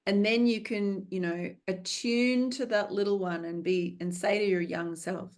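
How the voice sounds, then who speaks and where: A woman film director appears as an interview guest, speaking in a conversational way that is earnest, reflective, and coaching in tone, drawing out some words for emphasis. Her voice is medium-pitched with fairly even intonation, a little slow, with hardly any pauses.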